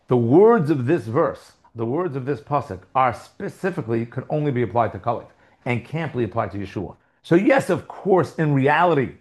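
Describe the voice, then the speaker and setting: A man teaching a live Torah class, talking conversationally, restarting phrases and putting questions to his students. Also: on the high side.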